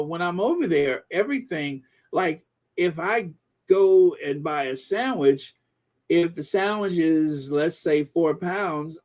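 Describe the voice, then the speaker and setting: Slow-talking chatty man. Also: a little high, a little mellow. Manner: chatty, rambling, many fillers and restarts. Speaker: channel host reading viewer comments. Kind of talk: casual live-stream chat.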